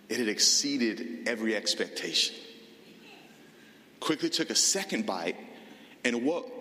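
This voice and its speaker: A middle-aged man preaching a sermon to a live congregation, telling a story in an animated, conversational way. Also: a little high, slight background noise. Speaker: pastor. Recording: reverberant hall, faint ambience.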